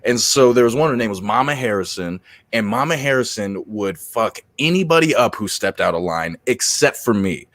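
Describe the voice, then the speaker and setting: A man, a comedian and podcast host, telling animated stories in casual chat, swearing and laughing often. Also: lowish voice, normal speed, dry recording.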